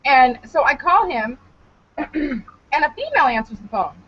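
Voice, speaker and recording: A high-pitched young woman co-hosts a podcast at a measured pace, telling a casual comedic story loosely, animatedly, and profanely while laughing a lot. The recording is dry, with dull lo-fi podcast audio.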